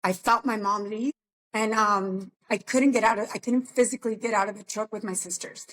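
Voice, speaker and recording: A woman co-hosts a podcast in casual chat, at a middle pitch. She speaks in a reflective, subdued way as she tells her story. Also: fairly even intonation, moderate pace, a bit bright. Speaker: podcast co-host.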